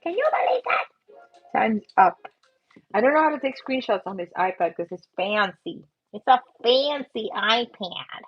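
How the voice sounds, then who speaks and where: A woman's voice: mid-range voice, moderate pace, breathy edge. Bubbly woman hosting a drawing stream. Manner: bubbly, excitable, talks to viewers while drawing. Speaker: livestream doodling host. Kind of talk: casual live drawing stream. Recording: slightly muffled, faint music behind.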